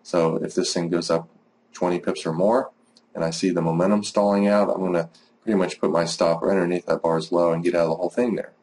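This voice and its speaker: A forex trading educator with a low voice talks briskly and flatly, his tone darkish, as he teaches a lesson over a screen recording. His practical, casual delivery rambles and is filled with "uh" and "you know."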